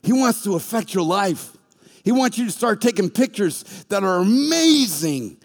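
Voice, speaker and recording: Male pastor, fairly high voice, animated storyteller, big reverberant hall. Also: moderate pace. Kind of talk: sermon. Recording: long reverb of a large hall.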